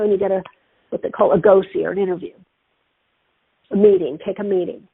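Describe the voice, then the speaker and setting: A middle-aged woman hosting a spiritual radio talk show, telling stories in an animated way. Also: mid-range voice, a little fast, gravelly, breathy edge. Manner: animated, acts out quoted voices. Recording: tinny phone-line sound, dry.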